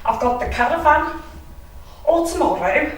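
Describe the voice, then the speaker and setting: A lovesick, clumsy young Welsh lad pleads in a strained, high voice, as a woman puts him on. The room echoes loudly around him, and the voice sits far from the mic. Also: lively intonation, measured pace, a little hiss or hum. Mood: pleading. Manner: eager, pleading, high and whiny.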